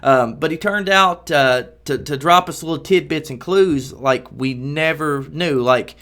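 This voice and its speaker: A man hosts his show and retells a story in a rambling, hesitant way, playing it up with mock seriousness. His voice sits somewhat high and sounds bright and forward. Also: unhurried. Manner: rambling, hesitant, with playful exaggeration. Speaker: show host.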